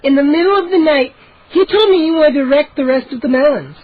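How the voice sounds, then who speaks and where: A man's voice: very high-pitched, a little fast, no room sound, voice pushed up. A man voicing a tattling little girl who shrieks accusations at her brother, in a dull lo-fi home recording. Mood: accusing.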